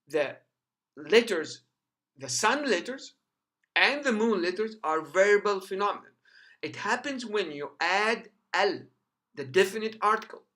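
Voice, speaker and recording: Bright-voiced male teacher, patient and repetitive. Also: high-pitched. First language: Arabic. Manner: patient, repeats each sound several times as a model. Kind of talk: recorded language lesson.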